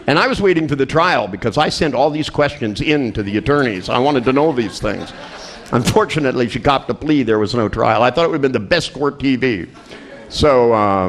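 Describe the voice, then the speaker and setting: A man at a seminar who tells a comic story with plenty of energy. His voice sits at a middle pitch. He laughs through his own lines and often trips and restarts mid-sentence. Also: animated, a little fast. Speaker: seminar presenter.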